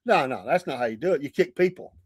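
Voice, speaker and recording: A man's voice: a little high, expressive, fast talker, husky, dry recording, studio quality. A Southern American man hosting a morning livestream show, chatty and folksy, laughing often. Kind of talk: casual livestream chat. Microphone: streaming mic.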